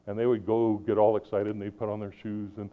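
A middle-aged man delivers a sermon in a lowish voice, swinging between loud emphasis and soft asides. The sound is thin and narrow, like it's coming over a phone line. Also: little pitch movement, fast talker, clear, resonant tone. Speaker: preacher.

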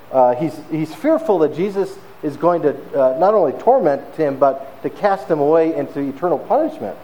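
A man preaching a sermon in a conversational, animated storytelling manner, often pausing with fillers. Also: a little high, lo-fi sound. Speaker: pastor.

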